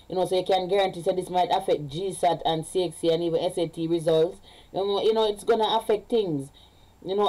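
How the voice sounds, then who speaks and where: A woman's voice: medium pitch, dark tone, low-quality recording. A Jamaican woman, a parent, talking casually in a vlog. She rambles, repeats herself and slips between English and patois. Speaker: vlogger.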